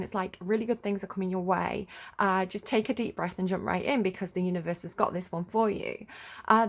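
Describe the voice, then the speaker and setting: A woman giving a casual tarot reading, rambling and chatty with lots of fillers. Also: medium pitch. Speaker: tarot reader.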